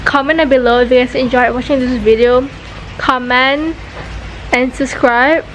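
A woman's voice: sits high, steady tone, moderate pace, a bit bright, poor audio. A teenage woman with a Malaysian English accent, vlogging in a chatty, giggly way and slipping between English and Malay. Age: late teens. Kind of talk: casual vlog talk. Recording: faint background noise.

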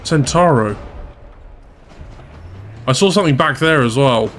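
A man at an ordinary middle pitch, commentating his own gameplay in a loose, conversational way. He talks straight to his viewers and pokes fun at his own slip-ups. A light hiss sits under the voice. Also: animated, measured pace. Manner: chatty, self-deprecating, talks to viewers. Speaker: gaming channel host.

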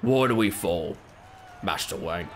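A man doing a calm old butler with a wise, steady air. His voice drops lower and quieter than usual, and the lines come slow and solemn. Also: some chatter behind, slight background noise.

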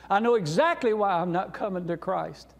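A man's voice: sits high, lively intonation, normal speed, creaky, pitched above the performer's own voice, heavily acted. A man voicing an earnest, troubled male coworker who confides in him. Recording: reverberant church sanctuary.

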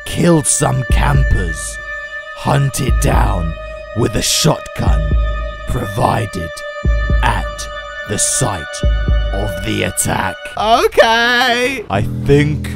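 A man giving jokey, casual gameplay commentary, yelling and joking at game animals. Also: mid-range voice, vocal fry. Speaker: gaming YouTuber.

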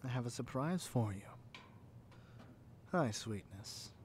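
A sweet, possessive yandere captor, played by a man, coos and whispers in this whispered role-play. He speaks slowly, lingering over every soft word, in a voice of ordinary male pitch. A clear layer of noise and room ambience sits behind him. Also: lively intonation. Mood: doting. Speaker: ASMR roleplay performer.

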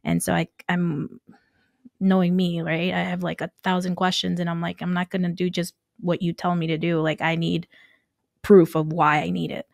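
A woman who grew up in Nicaragua, telling her story as a podcast guest, animated and laughing often as she acts out quoted dialogue. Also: on the low side, normal speed, vocal fry, no echo, studio quality. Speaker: guest, construction entrepreneur. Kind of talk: casual storytelling interview.

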